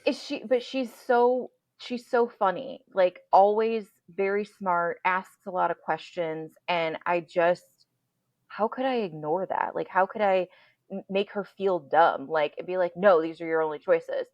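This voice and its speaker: A woman hosting a podcast from home over a computer call, telling stories in a candid, animated way and swearing freely. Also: on the low side, unhurried, no room sound, dull audio. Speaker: podcast host. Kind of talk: casual chat. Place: home, indoors. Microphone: computer mic on a video call.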